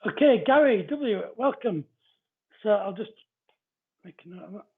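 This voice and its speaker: A man's voice: sits high, expressive, moderate pace, slightly rough. A man hosting a live-stream psychic card reading, chatting casually and greeting viewers by name as he explains the cards. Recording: narrow phone-like audio.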